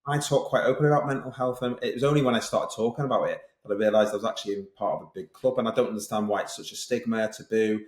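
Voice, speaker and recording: A middle-aged man telling his story as a podcast guest, fast and lively, acting out other people's lines as he goes. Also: lowish voice, echoey room. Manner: fast, animated, tells stories with quoted voices. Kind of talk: casual interview storytelling.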